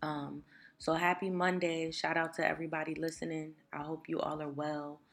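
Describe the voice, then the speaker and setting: A woman in her thirties hosting a solo podcast in casual chat, her voice rough from just waking up, talking in a rambling way with lots of fillers. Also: deep voice, little pitch movement, normal speed. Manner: chatty, rambling with many fillers. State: raspy morning voice, just woken up. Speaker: podcast host.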